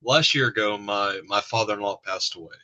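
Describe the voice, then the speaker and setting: A man speaks in a low, bright voice. He chats in a relaxed, plain-spoken way while asking a guest questions. His tone stays easy and unhurried. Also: muffled recording. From Birmingham, Alabama. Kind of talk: casual chat.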